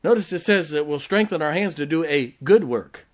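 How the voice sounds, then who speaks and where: A man's voice: on the high side, expressive, normal speed. A man preaching a sermon as pastor, emphatic, with rhetorical questions, joking asides and check-ins with the congregation.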